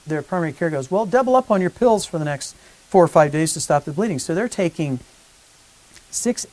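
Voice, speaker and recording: A man, a physician, giving a conversational educational talk to patients and growing animated when he acts out exchanges with colleagues. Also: on the high side, rough recording.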